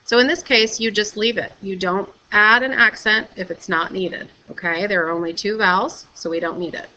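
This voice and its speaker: A woman teacher giving a recorded video lesson, explaining patiently and clearly and often checking with "okay?". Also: medium pitch, normal speed, sharp tone, slight background noise, rough recording.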